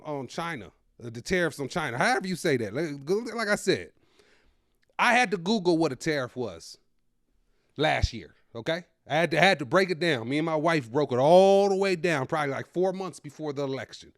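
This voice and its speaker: High, animated ranting male comedian. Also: no room sound, clean studio sound. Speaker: comedian host. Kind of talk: comedic rant to camera. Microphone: own microphone.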